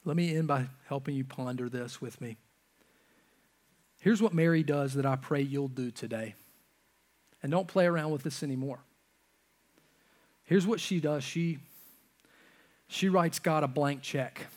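Male pastor, slightly high voice, impassioned sermon, swings loud to hushed. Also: measured pace, long pauses. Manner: impassioned preaching, acting out God's voice and the congregation's objections; swings from loud urgent peaks to hushed low lines.

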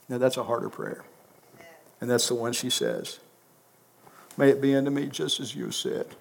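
A man preaching a sermon as a pastor, emphatic, swinging from loud peaks to quiet asides. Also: mid-range voice, steady tone, normal speed, creaky, pauses often. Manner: emphatic, rising to loud peaks then dropping soft. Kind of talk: sermon with closing prayer.

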